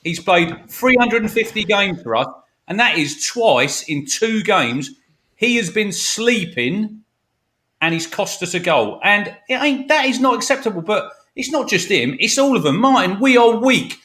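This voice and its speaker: A man's voice: sits high, sing-song, unhurried, pushed and bright. A man on a fan show ranting angrily about his football club, sweary and emphatic, over a video call. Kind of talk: heated football fan rant.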